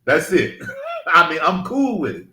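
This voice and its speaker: A man's voice: fairly high pitch, a little slow. A man who grew up in Mississippi, co-hosting a casual podcast, telling stories animatedly with a lot of cursing. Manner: animated storytelling, heavy cursing, acts out quoted voices. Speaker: podcast co-host. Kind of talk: casual chat. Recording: roomy echo.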